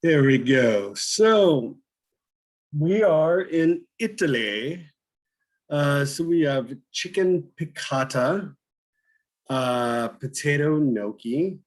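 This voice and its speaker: A man teaching a cooking class over a video call, talking slowly with many fillers and restarts. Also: fairly high pitch, expressive, low-quality recording. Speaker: cooking instructor.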